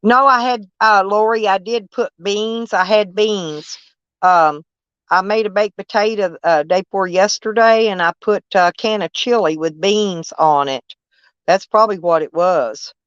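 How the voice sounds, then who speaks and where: A woman's voice: medium pitch, measured pace, clear, resonant tone, no echo. An older woman, chatting casually with live-stream viewers in a rambling, folksy, blunt way with frequent swearing. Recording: dull, dry lo-fi stream audio.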